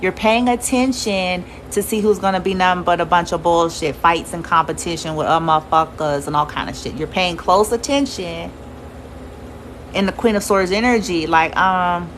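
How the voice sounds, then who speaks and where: A woman giving a casual tarot reading to her viewers, blunt and quick to swear and laugh. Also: fairly low pitch, fairly bright tone, slight background noise, rough recording. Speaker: tarot reader.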